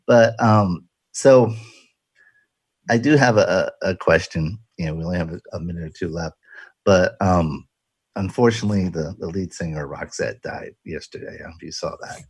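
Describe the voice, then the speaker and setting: Husky low-voiced male radio host. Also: expressive, moderate pace, dry recording. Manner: chatty, jokey, rambling with restarts. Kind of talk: casual radio talk.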